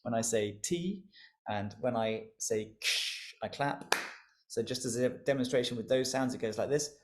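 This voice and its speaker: A man's voice: mid-range voice, steady tone, unhurried, a little hiss or hum. A man leading an interactive online music lesson over a video call, encouraging and playful, laughing often as he leads the group in call-and-response.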